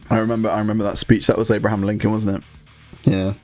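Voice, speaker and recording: A man's voice: fairly low pitch, flat delivery, fast, a little mellow, soft background music. A man hosting a live stream, chatting casually to viewers while painting miniatures. He rambles loosely and swears freely as he talks. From Scotland.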